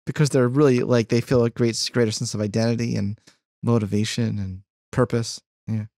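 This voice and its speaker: Podcast host guy, gravelly voice, dry close mic, lots of mm and yeah. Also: mid-range voice, steady tone, a little mellow, no echo. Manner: encouraging, quick affirmations. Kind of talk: conversational interview.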